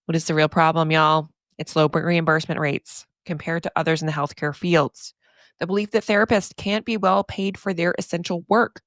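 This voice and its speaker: A woman's voice: deep voice, steady tone, normal speed, fairly bright tone, no echo, clean studio sound. A woman therapist hosting her podcast, talking casually and emphatically with frequent laughs and asides. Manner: chatty and emphatic, often says "y'all".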